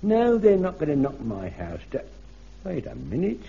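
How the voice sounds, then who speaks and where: A nervous, fussy elderly soldier who rambles and stammers. His mellow voice bounces up and down. It comes from a dull, lo-fi vintage radio comedy recording with faint hiss. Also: fairly high pitch, huge pitch swings, normal speed, creaky, full character voice. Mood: flustered. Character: flustered elderly platoon man, eager and nervous.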